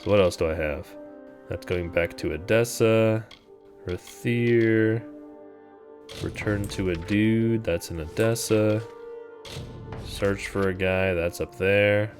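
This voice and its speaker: A man's voice: lowish voice, takes it slowly, pauses often, faint music behind. A man streaming a video game, talking through it in a casual, wry, sarcastic way. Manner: wry, sarcastic, laid-back. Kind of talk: casual gameplay commentary.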